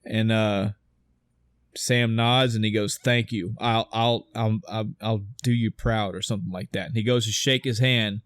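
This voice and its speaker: A man co-hosting a podcast, excitedly retelling a film scene by scene, swearing and acting out the dialogue. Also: on the low side, a little slow, smooth, no echo. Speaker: podcast co-host. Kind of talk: casual film discussion.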